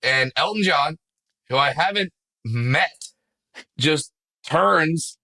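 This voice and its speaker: A male comedian telling stories in a casual podcast interview, excitable and self-deprecating, swearing freely. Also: on the high side, slow, vocal fry. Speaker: comedian guest.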